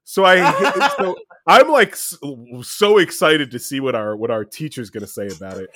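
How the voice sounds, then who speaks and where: A man telling a story among friends in casual chat, animated, laughing often and swearing freely. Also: fairly high pitch, normal speed, no room sound.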